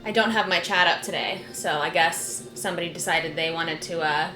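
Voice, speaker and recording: A woman streamer giving casual let's play commentary, chatty and gushing, with plenty of "like". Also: lowish voice. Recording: roomy, game music behind.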